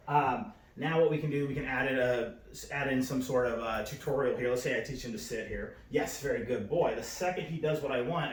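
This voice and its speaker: A man gives a casual dog-training demonstration, using lots of fillers and now and then raising his pitch into a high, bright praise voice. The recording is echoey and distant.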